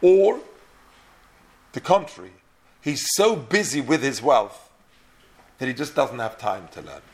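A man's voice: mid-range voice, big pitch swings, measured pace. A man teaching a class on a Mishnah, posing questions and explaining, with Ashkenazi-style Hebrew pronunciation. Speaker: Torah teacher. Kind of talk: Talmud class lecture.

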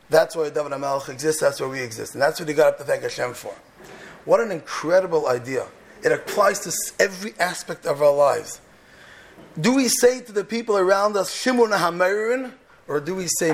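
Man, gravelly, slightly high voice; Torah teacher preaching with passion, loud questions then hushed asides. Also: a little fast. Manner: impassioned, swings from loud rhetorical questions to soft, hushed lines; peppers English with Hebrew and Yiddish terms. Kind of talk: sermon on the weekly Torah portion.

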